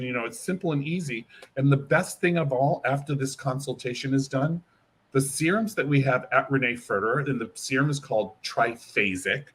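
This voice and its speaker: Husky guy explaining a scalp serum in an interview, animated, acts out client talk. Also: medium pitch, fairly quick. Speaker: hair care brand educator.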